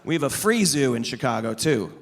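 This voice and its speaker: Speaking a little fast with big swings in pitch, this thirtysomething comedian has a mid-range voice, and a faint crowd can be heard. He's doing a stand-up set on stage through an amplified microphone, mocking and teasing the live audience with sarcasm.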